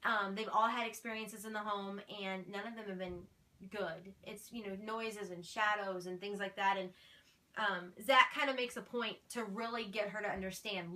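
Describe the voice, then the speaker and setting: A woman in casual commentary, recapping a TV episode in a chatty, animated way and acting out the quoted lines. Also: medium pitch, moderate pace. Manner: chatty and animated, retelling scenes with quoted dialogue. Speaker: video host recapping a TV episode.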